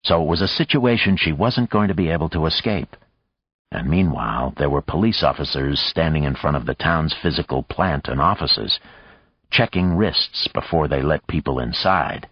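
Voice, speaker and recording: A man narrating an audiobook in a measured, even storytelling manner. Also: very deep voice, breathy edge, no echo, highs cut off. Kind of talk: scripted narration.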